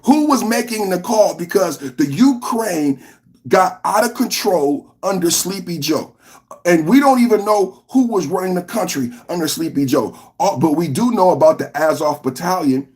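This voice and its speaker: Guy hosting a live podcast, ranting and firing off questions at chat, pretty high voice for a dude. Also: expressive, normal speed, darkish tone. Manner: combative, ranting, rhetorical questions. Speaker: podcast host. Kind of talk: live political reaction, reading chat comments.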